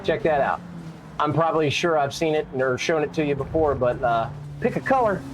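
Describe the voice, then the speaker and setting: His voice is on the high side, lively in intonation and brisk, heard over music. The man streams a racing game live, chatting playfully with viewers and his cats.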